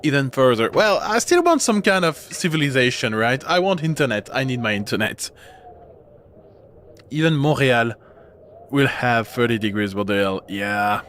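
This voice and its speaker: A man's voice: mid-range voice, big pitch swings, normal speed, a bit bright, slight background noise. A man streaming a horror game, chatting casually in a rambling way and breaking off with laughs. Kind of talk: casual gameplay commentary.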